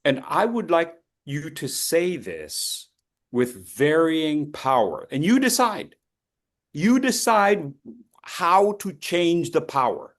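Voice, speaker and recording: Running an online public speaking workshop, a man with a fairly high voice coaches participants, swinging between loud and soft to show them how it's done.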